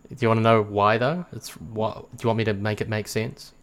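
A man's voice: lowish voice, level tone, a little fast, fairly bright tone, clear, resonant tone. A man with a New Zealand accent chatting casually as a podcast guest, rambling through stories, laughing often and swearing casually.

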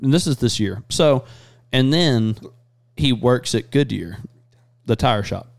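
A man hosting a podcast, chatting casually and crudely, rambling fast between jokes. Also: mid-range voice, lively intonation, gravelly, no echo. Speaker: podcast host. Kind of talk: casual chat.

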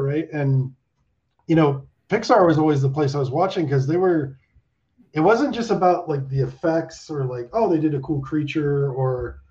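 Guy around fifty telling stories on a podcast, kinda high voice, swears a lot, laughs, muffled lo-fi audio. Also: normal speed. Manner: animated, swearing storyteller full of likes and laughs. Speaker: guest animator. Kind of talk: casual interview chat. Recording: dull lo-fi sound.

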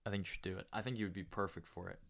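Deep-voiced joking young man. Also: fairly even intonation, rapid-fire, gravelly, a bit bright. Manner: joking, teasing, agreeable, laughs often. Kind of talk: casual chat.

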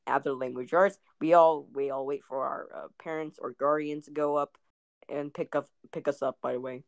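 A woman's voice: deep voice, fairly even intonation, moderate pace, creaky, no room sound, clean studio sound. A woman co-hosting a casual podcast, rambling with lots of fillers and giggles. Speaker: podcast co-host. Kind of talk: casual chat.

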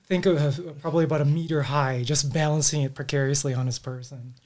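Guy running a tabletop game, laid back scene-setting, pauses and ums. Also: fairly high pitch, a little hiss or hum. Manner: descriptive, relaxed, halting with fillers. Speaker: game master.

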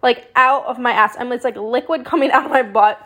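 A young adult woman hosting a podcast, telling personal stories in a casual, animated way, full of "like" and the odd swear word. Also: fairly high pitch, a little fast. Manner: chatty and animated, with frequent "like", swearing and laughter. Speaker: podcast host. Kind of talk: casual storytelling monologue.

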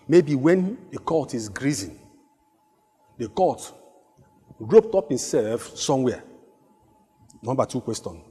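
A male pastor preaching a sermon, asking repeated rhetorical questions and climbing to shouts as he tells a story. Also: mid-range voice, expressive, a little slow, pauses often, breathy edge. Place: church hall. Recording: long hall reverb with faint music.

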